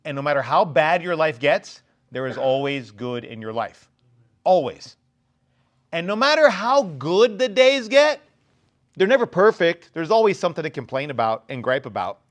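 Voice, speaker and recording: A man in his forties preaching a lively youth sermon, acting out the people in his stories in different voices. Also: a little high. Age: 40s. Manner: animated, acts out quotes in different voices. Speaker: youth pastor.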